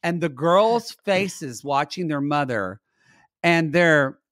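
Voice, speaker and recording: A man's voice: a little high, expressive, slow pace, fairly bright tone, no room sound, clean studio sound. A man co-hosting a casual podcast, wryly narrating reality-show scenes. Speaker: podcast co-host. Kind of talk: casual chat recapping reality TV.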